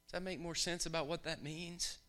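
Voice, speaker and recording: A man preaching a sermon in church, swinging from hushed, drawn-out lines to loud shouting bursts. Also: on the high side, steady tone.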